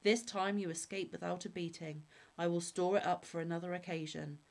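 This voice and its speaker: A woman voicing a crafty middle-aged peasant man from a storybook, smug and sly, in a lowish voice. He sounds pleased with his own tricks. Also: steady tone, brisk, vocal fry, a little mellow.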